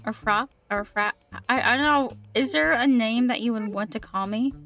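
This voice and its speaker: A woman's voice: on the high side, normal speed, a bit bright, soft background music. A young woman livestreaming a game, chatting casually and upbeat with her viewers, sometimes tripping over her words. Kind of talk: casual chat with live chat while gaming.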